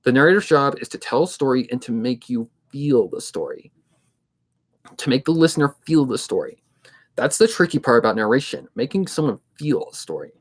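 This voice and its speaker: A man in his twenties chats casually on a livestream, his voice sitting at an ordinary middle pitch. He talks in a steady, somewhat monotone way. He rambles and thinks aloud with plenty of fillers, like a narrator of fan readings. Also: fairly quick. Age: 20s.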